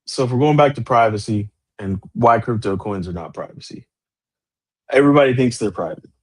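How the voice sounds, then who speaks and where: A man's voice: medium pitch, brisk. A man in his forties hosting a podcast, chatting loosely and rambling on a live stream. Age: 40s. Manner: loose, rambling, animated greetings. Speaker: podcast host. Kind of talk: casual livestream chat.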